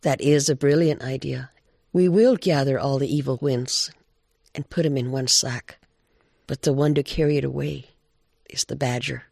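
A man's voice: medium pitch, vocal fry, darkish tone, no room sound, studio quality. A man voicing a wise, elderly female owl who leads a council, speaking firmly and with measure. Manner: firm, measured. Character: wise old female owl, leader of the animals.

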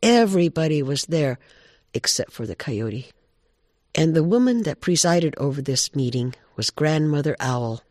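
A man telling an animal folk tale in an expressive, animated way. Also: a little high, moderate pace, dry recording, clean studio sound. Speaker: storyteller.

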